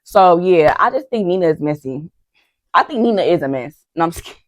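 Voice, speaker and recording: On the low side and brisk, with lively intonation, a young woman gives a gossipy reality-TV recap directly to her y'all audience. She acts out people's lines, and there's no room sound.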